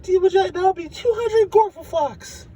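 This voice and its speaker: A man's voice: very high voice, moderate pace, warm tone, pitched above the performer's own voice. A man voicing a sweet, helpful female alien bank teller in a chirpy, customer-service manner.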